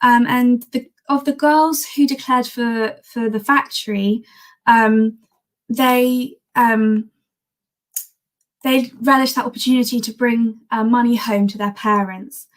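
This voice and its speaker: A woman's voice: fairly high pitch, fairly even intonation, slow pace. Chatty woman presenting archive history. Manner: chatty, many ums and restarts, enthusiastic. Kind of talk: live-streamed history talk.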